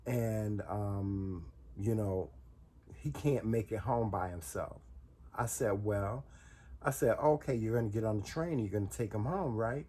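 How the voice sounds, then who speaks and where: A man's voice: fairly low pitch, measured pace, mellow, a little hiss or hum. A man casually telling viewers a personal story, rambling and repeating words as he goes.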